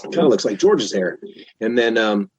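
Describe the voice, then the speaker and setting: A man in his fifties, a podcast guest, telling a long story in a casual, animated way with lots of restarts. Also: lowish voice, moderate pace, husky, no echo. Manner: animated, chatty, many restarts.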